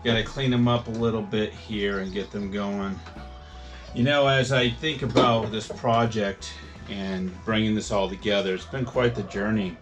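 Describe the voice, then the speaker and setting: A man's voice: fairly low pitch, steady tone, moderate pace, faint music behind. A man narrating a home how-to project as he works, casual and rambling with lots of fillers. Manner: rambling, filler-heavy, thinking aloud. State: a bit out of breath at times. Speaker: DIY homeowner vlogger.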